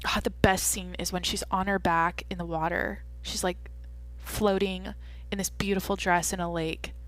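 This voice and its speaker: A woman's voice: on the low side, flat delivery, moderate pace, a bit bright, no room sound. Rambling, swearing young woman host. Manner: rambling, swears often, thinks aloud. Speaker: podcast host. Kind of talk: casual solo chat.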